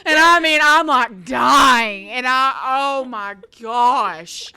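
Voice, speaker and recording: Speaking slowly in a high-pitched voice, a woman co-hosting a podcast recounts a comical family story. She is animated and laughs throughout this casual tale.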